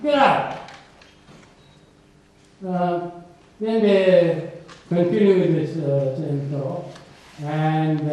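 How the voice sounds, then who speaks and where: An older man giving an academic lecture in an auditorium. He talks in an unhurried, digressive way and often adds "you see". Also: a little high, darkish tone. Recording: echoey hall from a distant mic.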